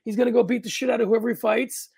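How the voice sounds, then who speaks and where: A man's voice: very high-pitched, fairly even intonation, very fast, creaky, a little mellow, breathy edge, no room sound. A man hosting a casual podcast chat, talking in a dry, matter-of-fact way. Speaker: podcast host.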